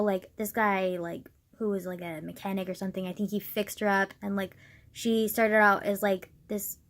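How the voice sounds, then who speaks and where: A young woman talking casually to camera as a vlogger, rambling with lots of "like" and swearing, getting worked up at times. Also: medium pitch. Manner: rambling, heavy use of "like", swearing, gets worked up.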